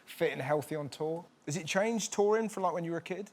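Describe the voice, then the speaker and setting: A man's voice: on the high side, fairly quick. A man hosting a talk show, asking playful, teasing questions. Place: TV studio.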